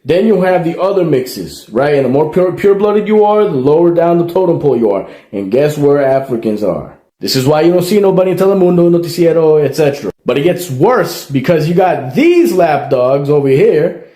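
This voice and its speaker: A man's voice: on the high side, lively intonation, fairly quick, hardly any pauses, warm tone. Emphatic man lecturing in an echoey room. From El Salvador. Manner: emphatic, lecturing, repeats points. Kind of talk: explainer commentary.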